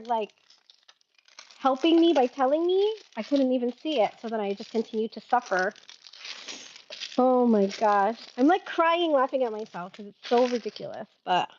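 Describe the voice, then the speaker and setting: A woman's voice: high-pitched, highs cut off, slight background noise. A woman hosting a casual live-stream sale, chatty and giggly, often laughing at herself.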